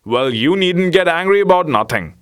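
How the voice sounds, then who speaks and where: A man's voice: on the high side, expressive, normal speed, pitched above the performer's own voice, natural voice. A man voicing a hungry, eager male pet dog who growls and grumbles in a storybook reading. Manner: gruff, eager.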